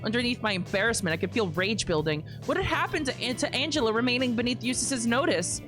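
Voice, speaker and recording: A young woman streamer reading a visual novel aloud, expressive, with wry asides. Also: fairly high pitch, fast, over music.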